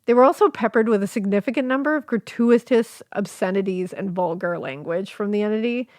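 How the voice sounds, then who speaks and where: A woman's voice: medium pitch, brisk, a little mellow, dry recording, studio quality. A woman hosting a casual storytelling podcast, reading quotes and chatting with fillers and easy laughs. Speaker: podcast host.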